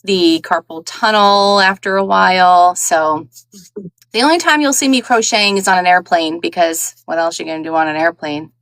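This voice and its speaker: A woman's voice: on the low side, animated, moderate pace, fairly bright tone, no echo. New york lady guest, casual rambly chat, lots of likes and ums, dry close sound. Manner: chatty, frank, heavy with "like" and "um". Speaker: guest audiobook narrator.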